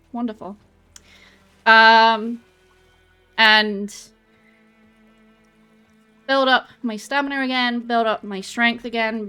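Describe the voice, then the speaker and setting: A woman's voice: a little high, sharp tone. An English woman streamer chatting casually with her viewers and answering chat while walking on a treadmill. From England. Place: home, on a treadmill.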